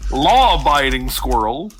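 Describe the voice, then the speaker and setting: A man's voice: on the high side, fairly bright tone. A man co-hosting a casual comedy podcast, joking and giggling through his stories. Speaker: podcast co-host.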